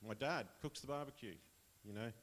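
A man's voice: mid-range voice, brisk, fairly bright tone. An Australian man casually sharing a personal testimony with his church, chatty and rambling, often laughing.

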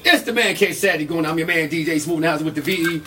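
A man co-hosting a podcast as DJ, his voice set high for a man. He talks in a laid-back, chuckling way with radio-style intros. He sounds a little away from the microphone. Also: rapid-fire, sharp tone, distant mic, slight background noise. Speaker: podcast co-host and DJ. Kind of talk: casual chat.

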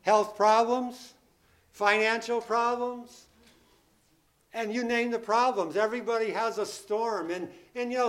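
Guy preaching a sermon, higher voice, takes it slow, keeps repeating the key lines and asking the crowd questions. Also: fairly bright tone. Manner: emphatic, repeats key phrases, asks the congregation questions; acts out the disciples' panicked pleas in a raised voice.

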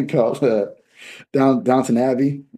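This podcast guest has a mid-range voice with a dark tone, chatting casually in a rambling, jokey way and sometimes slipping into mock voices.

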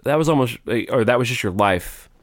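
A man co-hosting a podcast in casual chat, animated, swearing casually and laughing often. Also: medium pitch, a little fast, dry recording, clean studio sound. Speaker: podcast co-host.

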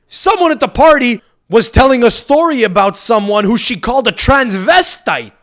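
A young man hosting a podcast, telling a story as a profane, animated rant that swings between loud outbursts and muttered asides. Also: extremely high pitch, fast talker. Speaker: podcast host. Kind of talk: ranting storytelling monologue.

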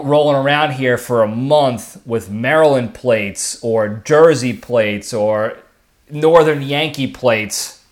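A man hosting his own podcast, talking casually on his own and often checking in with "okay" and "all right.". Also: medium pitch. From lives in Texas. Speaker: podcast host. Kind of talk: casual solo monologue.

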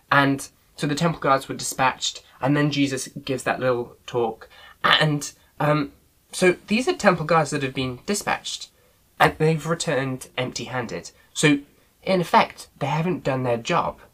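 A man's voice: mid-range voice, fairly bright tone, rough recording. Earnest man leading a Bible study. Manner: earnest, frequent filler sounds, loosely phrased. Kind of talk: casual online Bible study teaching.

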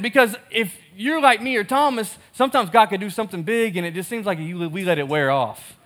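High, bright-voiced pastor preaching casually. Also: male voice, fairly quick. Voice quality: lively storytelling, acts out both sides of conversations. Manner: casual and conversational, laughs at himself. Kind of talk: sermon.

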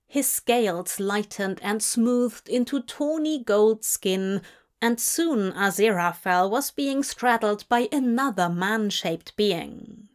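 A woman reading a story aloud in a gentle, unhurried storytelling voice. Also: medium pitch, animated. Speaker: reader. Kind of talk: audiobook-style fan fiction reading.

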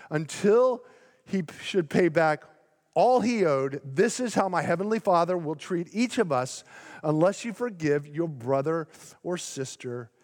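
A male pastor preaching a sermon in a church, emphatic and slowing down to stretch out key words. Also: sits high. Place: church sanctuary. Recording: long hall reverb in a large sanctuary.

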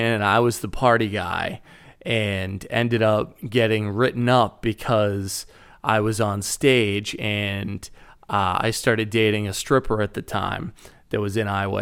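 A man's voice: on the low side, gravelly, fairly bright tone, clean tone. A man with a Boston accent, co-hosting a podcast and sharing casually in a recovery-meeting style, rambling with many fillers and restarts. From Boston, Massachusetts. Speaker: podcast co-host.

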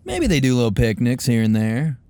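A man's voice: medium pitch, wildly swooping pitch, fairly quick, darkish tone, clear, resonant tone, dry recording. A man in casual podcast banter, crude and jokey, swearing often.

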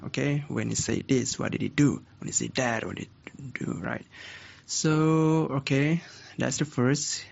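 A man casually teaching speaking tips, animated and repetitive, often restarting his sentences. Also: mid-range voice, vocal fry, dull audio. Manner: animated, repetitive, self-correcting. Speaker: speaking coach.

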